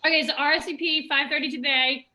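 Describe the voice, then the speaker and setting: Woman co-host, high voice, very bright and bubbly, chatty over video call. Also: fast. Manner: bubbly, excitable, rambling. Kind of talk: casual chat.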